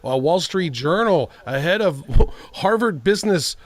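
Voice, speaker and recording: A man's voice: a little high, expressive, measured pace. A man co-hosting a podcast, playful and chatty in casual talk. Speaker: podcast co-host.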